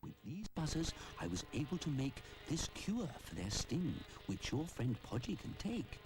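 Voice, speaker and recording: A British storyteller voicing an old, wise, kindly male goat who talks in a measured, gently approving way. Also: mid-range voice, big pitch swings.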